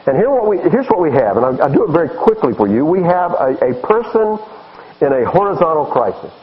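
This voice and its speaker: Male pastor, lively pitch and a slightly high voice, emphatic sermon heard over a dull lo-fi radio broadcast. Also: brisk. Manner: animated, emphatic preaching.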